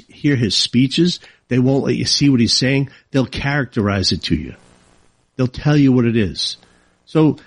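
A man's voice: mid-range voice, breathy edge, no echo. A man hosting a talk show, delivering a combative, sarcastic political monologue. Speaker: radio talk show host.

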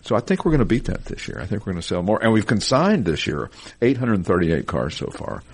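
Chatty low-voiced middle-aged man. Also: sing-song, fairly quick, breathy edge. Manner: chatty, laughs easily, reels off numbers. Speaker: podcast host, car dealership spokesman. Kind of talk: casual podcast chat.

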